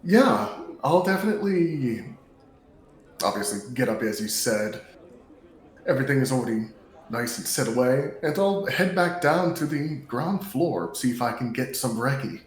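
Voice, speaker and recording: A man's voice: medium pitch, animated, unhurried. A man playing a tabletop game, chatting casually and joking with the group. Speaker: player. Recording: roomy echo.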